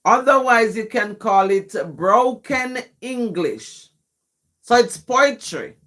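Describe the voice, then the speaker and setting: Jamaican woman poet hosting a live stream, unhurried delivery, explains things patiently and keeps checking in with viewers. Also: fairly high pitch, expressive, a bit bright. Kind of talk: live stream, reading poetry and chatting with viewers.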